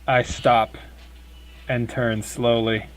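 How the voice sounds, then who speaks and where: A man playing a deliberate tabletop player. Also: medium pitch, little pitch movement, slight background noise. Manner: describes actions slowly and deliberately. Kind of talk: tabletop game play.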